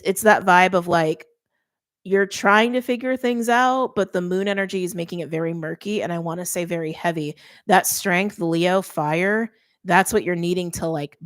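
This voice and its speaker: A young woman with a slightly low voice reads tarot cards in a loose, conversational way. She talks with emphasis, repeats herself and breaks off mid-thought. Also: moderate pace. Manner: chatty, emphatic, self-interrupting. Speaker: tarot reader. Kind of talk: casual tarot reading.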